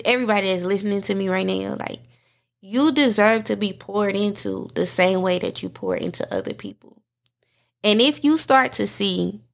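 A woman's voice: medium pitch, vocal fry, a bit bright. A woman hosting a podcast, speaking heartfelt and candid, addressing her listeners directly in a personal monologue. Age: adult mother. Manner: heartfelt, talks straight to listeners. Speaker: podcast host.

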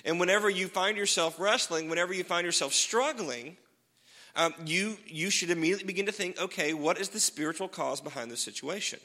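Bright-voiced pastor preaching in a hall. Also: male voice, high-pitched, brisk. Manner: conversational, self-deprecating, laughs often. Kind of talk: sermon.

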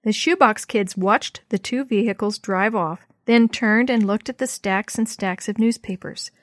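A woman's voice: mid-range voice, a little slow, dry recording. Woman reading a children's book, dry close sound. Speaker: narrator. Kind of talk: children's book read aloud.

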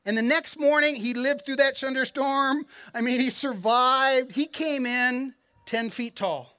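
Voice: high voice, unhurried, bright, forceful tone. Earnest conversational pastor preaching a sermon. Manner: earnest, conversational preaching with frequent word repeats; encouraging, addresses the congregation directly.

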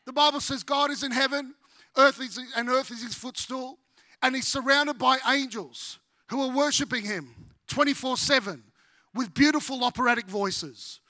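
A middle-aged Australian man, a pastor preaching a sermon with humorous, animated storytelling. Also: very high-pitched, dry recording.

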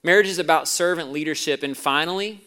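A man preaching to a congregation, his voice a little higher than most men's. He moves between hushed, low stretches and loud, emphatic ones, and tells stories with relish. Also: fast talker, clear, resonant tone. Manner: storytelling preacher, swings from quiet to loud. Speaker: pastor. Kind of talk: sermon.

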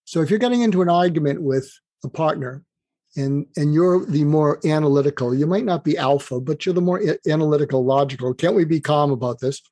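In an interview, an older guest author with a slightly high voice lays out advice with animation, acting out bits of quoted dialogue. He talks fairly quickly, and the recording is dry.

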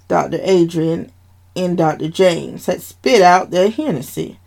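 A woman's voice: lowish voice, vocal fry. Woman reading a family drama story. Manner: unhurried, expressive storytelling.

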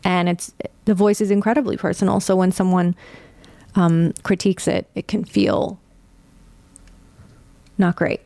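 A young adult woman hosting her own podcast, talking candidly and casually, with a light vocal fry and the odd curse word. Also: fairly low pitch, fairly even intonation, a little slow, pauses often, warm tone, no echo. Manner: candid, conversational, swears casually. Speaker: podcast host. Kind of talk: personal podcast monologue.

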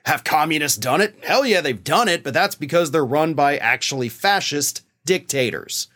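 A male commentator with a fairly high voice that swings widely in pitch as he vents. His delivery is sarcastic and indignant, full of mocking asides and pointed rhetorical questions. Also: lively intonation, moderate pace, bright, forceful tone. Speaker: political commentary host. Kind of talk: opinionated political commentary.

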